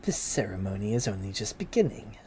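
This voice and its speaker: A man voicing a sly old female hag who presides over a wedding in a drawn-out whisper, in a tabletop game. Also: on the low side, very animated, warm tone, slight background noise.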